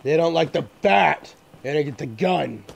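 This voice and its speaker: A man's voice: a little high, lively intonation, moderate pace, gravelly, slight background noise. A man giving crude, swaggering gameplay commentary while role-playing a greedy landlord, swearing constantly. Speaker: gaming YouTuber.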